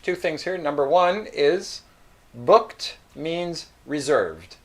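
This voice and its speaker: A man teaching English, explaining phrases slowly and repeating example sentences. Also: on the high side, lively intonation. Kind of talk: slow explanatory English lesson.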